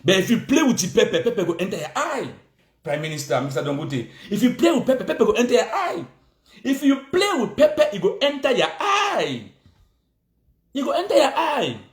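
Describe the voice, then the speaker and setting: A man's voice: very high voice, wildly swooping pitch, brisk, echoey room. A man with a Cameroonian Pidgin English accent, delivering a heated, repetitive political rant, scolding and insistent.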